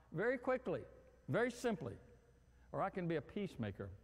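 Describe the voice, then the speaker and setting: A male pastor preaching a sermon in an animated, humorous way, acting out everyday scenes. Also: mid-range voice, long reverb tail. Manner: animated, acts out quarrels and phone calls with humor.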